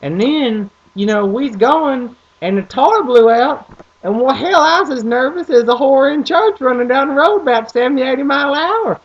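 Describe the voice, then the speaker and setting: A man voicing his rowdy older farm-country father, crude and loud with a strong Southern twang, in a dull lo-fi recording. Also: very high voice, expressive, moderate pace, voice pushed up. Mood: hollering.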